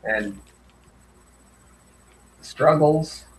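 A man thinking aloud in a group Bible discussion, halting and searching for words with many restarts. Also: on the high side, roomy sound, a little hiss or hum, poor audio. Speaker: Bible study participant.

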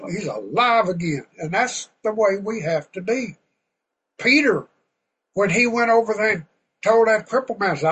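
A man's voice: high voice, animated, moderate pace, a little hiss or hum, low-quality recording. Fervent folksy preacher man. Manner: folksy, fervent, rising to loud bursts. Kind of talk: sermon.

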